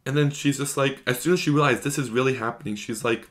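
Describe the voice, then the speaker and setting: A man's voice: medium pitch, fast, hardly any pauses, fairly bright tone. A man giving an enthusiastic, gushing episode recap as a video reviewer, talking in long run-on strings.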